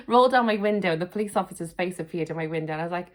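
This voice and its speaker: A woman's voice: fairly low pitch, racing, hardly any pauses. A woman in her thirties answering viewer questions in a chatty, self-deprecating vlog, laughing often. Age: 30s. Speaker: YouTuber. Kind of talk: casual Q&A vlog.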